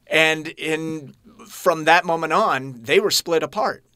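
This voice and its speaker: A man in his late thirties telling his personal story as a podcast guest, earnest and halting, often restarting his sentences. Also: fairly high pitch, sharp tone, clean tone, no room sound.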